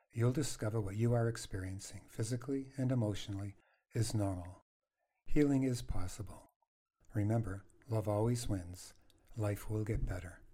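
Quiet, gentle older man narrating. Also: lowish voice. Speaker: podcast host. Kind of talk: first-person narrated story.

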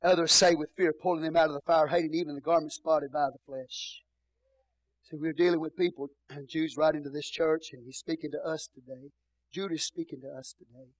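A middle-aged male pastor with a Texan accent preaching a sermon, swinging between booming shouts and soft murmurs. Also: steady tone, fairly quick, dry recording, rough recording.

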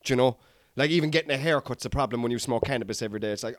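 A man's voice: medium pitch, racing, no room sound, studio quality. Rambling Irish man telling a story. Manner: rambling, sweary, keeps addressing listeners as lads. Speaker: comedian podcast host. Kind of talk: casual storytelling monologue.

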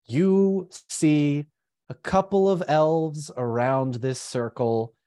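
A man running a tabletop game as game master, narrating the scene slowly. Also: a little high, warm tone, no echo, studio quality.

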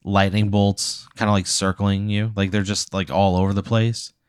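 A man's voice: fairly low pitch, little pitch movement, normal speed, clean tone, no room sound, studio quality. A young man improvising a comic story on a podcast, rambling with lots of "like" and swearing. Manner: rambling, many "like"s, swearing, laughing. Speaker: podcast co-host.

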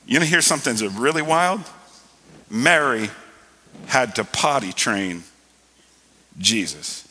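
Male pastor, sharp bright tone, preachy and emphatic, church hall reverb. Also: mid-range voice, animated, unhurried, husky. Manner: preachy, rising to loud emphatic stretches. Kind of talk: sermon. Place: church sanctuary.

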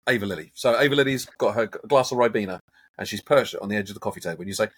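A man, a hypnotherapist, talking in a casual interview and acting out everyday examples in an animated, coaching way. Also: fairly low pitch, rapid-fire, slightly rough. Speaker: hypnotherapist guest.

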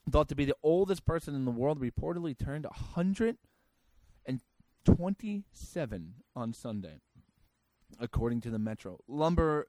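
A male host tears through odd news stories with crude, sarcastic rants and mock disbelief. His voice sits somewhat high for a man and sounds close and dry, with no room echo. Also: a little mellow. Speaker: podcast host. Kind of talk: comedic news commentary.

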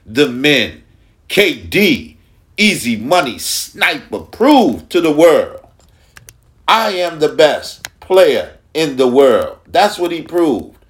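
A man from Long Island talks sports on his podcast, taking his time with each phrase. He leans hard on repeated words and emphatic asides, and his pitch sits in a middle range. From Long Island, New York. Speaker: podcast host. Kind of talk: casual sports talk.

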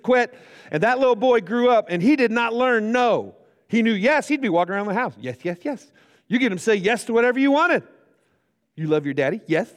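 Animated pastor in an echoing chapel. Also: male voice, high voice. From United States. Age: middle-aged. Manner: storytelling, jokey, acts out quotes. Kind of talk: chapel sermon. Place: college chapel. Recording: reverberant hall.

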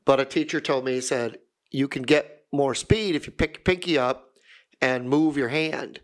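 A man's voice: medium pitch, normal speed. A man co-hosting a casual podcast chat, rambling and self-deprecating, with many fillers and restarts. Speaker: podcast co-host.

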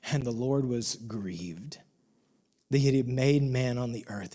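A male pastor delivering a sermon at a middle pitch, swinging between rising, emphatic passages and soft, hushed moments. His delivery is impassioned and earnest. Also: takes it slowly, husky.

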